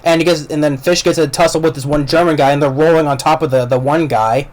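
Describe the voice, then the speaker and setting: A man's voice: a little high, steady tone, fast talker. Man rambling through a casual movie review. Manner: rambling plot retelling with many fillers and restarts.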